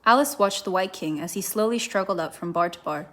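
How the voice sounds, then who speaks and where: A woman reads a children's classic aloud, with gentle, even storytelling. Her voice sits at a middle pitch for a woman, neither high nor low. She narrates at a calm pace. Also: brisk. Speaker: volunteer reader. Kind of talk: reading a children's book aloud.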